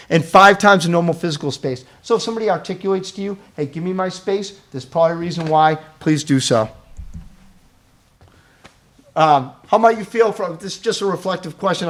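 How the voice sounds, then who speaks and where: A man leads a live crisis intervention training, putting questions to the audience and ending his points with "right?". His voice runs on the high side.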